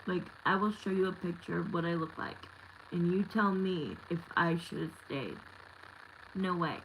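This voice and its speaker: A woman's voice: on the low side, slight background noise, low-quality recording. A woman in her thirties giving a live tarot reading, talking candidly and bluntly with lots of fillers. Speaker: tarot reader.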